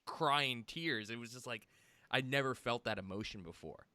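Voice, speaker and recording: Podcast host guy, chatty, says like a lot, smooth bright voice. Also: mid-range voice, normal speed, no room sound. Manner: chatty, filler-heavy, reflective. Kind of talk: casual podcast chat.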